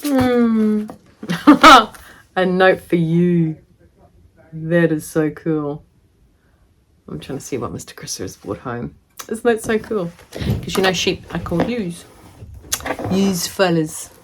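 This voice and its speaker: Kiwi woman rambling through an unboxing, lowish voice, bit of hiss behind. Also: lively intonation, slow, pauses often, fairly bright tone. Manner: chatty, rambling, easily delighted. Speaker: sewing vlogger. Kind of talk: casual chat, unboxing.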